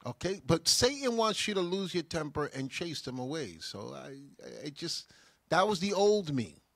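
A man's voice: a little high, big pitch swings, normal speed, vocal fry, a bit bright, no room sound, clean studio sound. A man, a deacon, reading viewer comments on a livestream and answering them in an emphatic way that rises to fervent bursts. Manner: emphatic, rising to fervent bursts when stirred. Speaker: deacon answering live chat.

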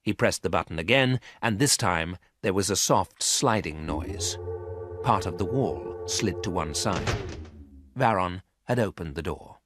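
A man narrating a graded story for English learners, reading clearly and carefully. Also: deep voice, lively intonation, a little slow, music in the background.

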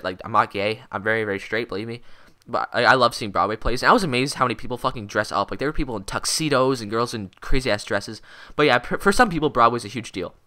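A mid-teens boy recounts a story in a casual vlog, his voice bright and pushed forward. He rambles, restarts, and swears constantly, getting worked up as he goes. His pitch sits in the ordinary middle for a guy. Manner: excitable, swears constantly, rambling with many fillers. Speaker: vlogger.

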